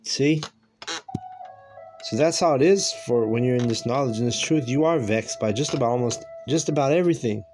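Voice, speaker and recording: Man, mid-pitch, casual slangy preacher, rambling delivery, faint music underneath. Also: moderate pace, a little mellow. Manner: loose and conversational, slangy, with many restarts and filler words. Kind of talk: casual scripture teaching.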